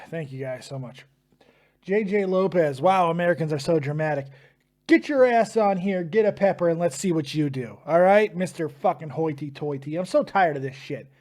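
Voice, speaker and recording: A man's voice: on the high side, expressive, normal speed, darkish tone. A man hosting a live stream, groaning and swearing while his mouth burns from a hot pepper.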